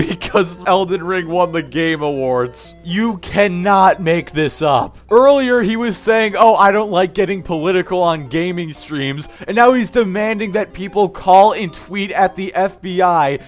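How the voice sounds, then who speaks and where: A man narrates reaction commentary over clips and mocks what he sees, sounding exasperated and animated. His voice sits a little higher than most men's. Faint music plays underneath. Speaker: commentary channel host.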